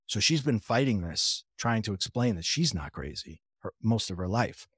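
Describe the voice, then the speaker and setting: A man's voice: fairly low pitch, sing-song, normal speed, fairly bright tone, husky, no room sound, studio quality. A man telling his personal story in a conversational way, retelling what others said with frequent restarts and wry, self-deprecating asides. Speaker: interview guest.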